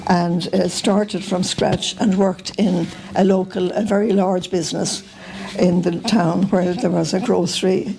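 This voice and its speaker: An older Irish woman telling family stories to the camera in a relaxed, meandering way, often pausing with "uh" and "um". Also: on the low side, gravelly, slight background noise, poor audio. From Ireland. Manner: meandering, full of uh and um. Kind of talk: casual storytelling to camera.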